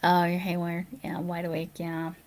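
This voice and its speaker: A sleepy woman talks casually through a late-night livestream, reading out viewer comments and answering them. Her voice has a gravelly, fried edge, and she often slips into a soft near-whisper. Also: on the low side, monotone, moderate pace, a little hiss or hum. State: sleepy, yawning. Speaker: live streamer.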